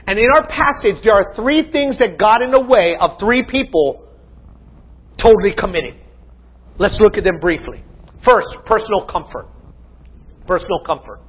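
High-voiced preaching man, tinny sound. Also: husky. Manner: emphatic preaching with questions to the congregation. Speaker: pastor. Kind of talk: sermon.

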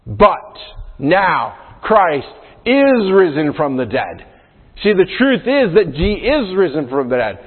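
A man's voice: fairly high pitch, sing-song, slow, husky. A male pastor preaching a sermon in a conversational way, often checking in with "right?" as he explains Scripture. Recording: phone-like sound in a long-reverb hall.

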